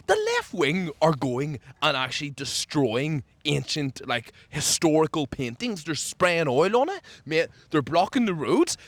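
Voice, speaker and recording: A man co-hosting a casual chat outdoors, ranting jokily with sudden jumps in pitch. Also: no room sound. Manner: animated, jokey rant with sudden pitch jumps. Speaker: podcast co-host. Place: outdoors, people walking past.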